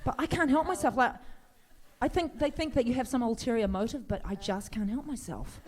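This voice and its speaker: A woman's voice: a little high, lively intonation, a little fast. A middle-aged woman telling rambling, playful anecdotes as a guest on a convention stage, laughing often as she talks.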